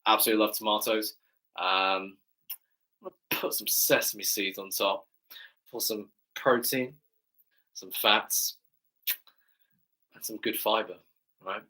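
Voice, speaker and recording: An English man hosting a live stream Q&A as a fitness coach, with a slightly low voice that still sounds bright and forceful. He chats enthusiastically and keeps checking in with "right?" as he goes. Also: fairly even intonation, slow, long pauses.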